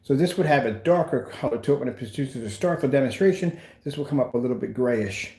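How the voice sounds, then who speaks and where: Business owner vlogging, emphatic and repetitive, mid-pitch man, roomy echo. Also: animated, fast talker, a little mellow. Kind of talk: casual vlog demonstration.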